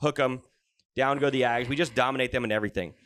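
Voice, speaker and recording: A man hosting a casual sports podcast, telling stories in an animated, jokey way with plenty of swearing. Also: mid-range voice, fast talker, clean tone. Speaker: podcast host.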